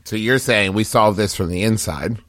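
A man's voice: on the low side, normal speed, a bit bright, no room sound. A man co-hosting a comedy podcast, dropping dry one-liners into the banter. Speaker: podcast co-host.

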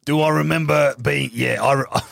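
A man playing a tabletop game, teasing and animated. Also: fairly high pitch, a little fast, gravelly, no echo, clean studio sound. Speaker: player. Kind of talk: tabletop role-play.

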